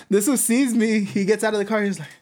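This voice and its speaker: A man's voice: sits high, normal speed. A man from Southern California telling a school story in casual, swear-heavy chat, laughing as he goes. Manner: animated, laughs through stories, heavy swearing.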